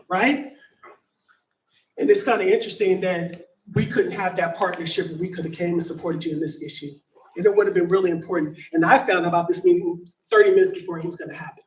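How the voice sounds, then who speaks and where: A man in his fifties from San Francisco giving an emphatic, repetitive public comment at a meeting, addressing people directly and mumbling at times. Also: sits high. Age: 50s. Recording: echoey meeting room from far off.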